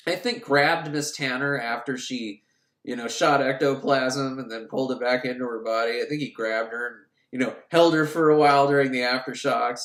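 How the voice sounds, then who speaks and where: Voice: mid-range voice, a bit bright, roomy sound. A podcaster recapping a film in a rambling, joking way, often breaking into laughter. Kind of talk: comic movie recap.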